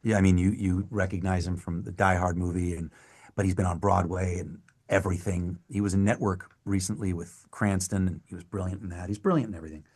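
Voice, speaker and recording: A man's voice: sits low, a little fast, slightly rough. A middle-aged man from Canada, a guest actor telling stories in a casual interview and acting out what people said. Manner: animated storyteller, acts out quotes.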